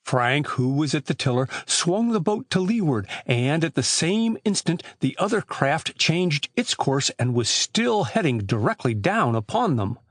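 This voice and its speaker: A man narrates an adventure story with a lively, sweeping delivery. His voice sits a little high. The sound is close and dry with no room around it. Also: measured pace, few pauses, dry recording. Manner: animated reading with lively shifts for characters. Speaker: audiobook narrator. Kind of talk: scripted narration.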